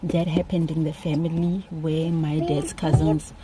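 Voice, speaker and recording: A woman's voice: sits low, flat delivery, unhurried, a loud crowd. A young South African woman chatting casually in her vlog, teasing and slipping into Xhosa. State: out of breath. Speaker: vlogger.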